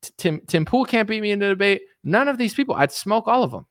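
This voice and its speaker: A man's voice: high voice, animated, quick pace, dry recording, studio quality. Boastful, sarcastic man ranting on a stream. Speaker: livestream host. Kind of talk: casual political rant.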